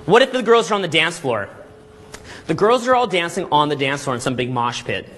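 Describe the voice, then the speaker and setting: A man coaching a live seminar group, talking energetically and checking in constantly with "okay?" and "all right?", sometimes acting out quick scenes. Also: fairly high pitch, expressive, fairly bright tone, husky. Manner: acts out little scenes in quick put-on voices. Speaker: dating coach and boot camp instructor.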